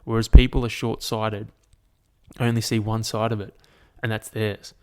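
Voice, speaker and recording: Low-voiced man ranting on a podcast. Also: normal speed, clean tone. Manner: ranting, heavy swearing, lots of "like" fillers; animated storytelling to the listener. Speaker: podcast host. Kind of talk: solo podcast monologue.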